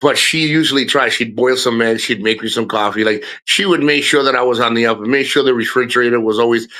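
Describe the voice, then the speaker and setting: A man's voice: mid-range voice, a little fast, pushed and bright. A middle-aged man streaming live, talking casually and candidly, swearing and restarting his sentences often. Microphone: streaming microphone.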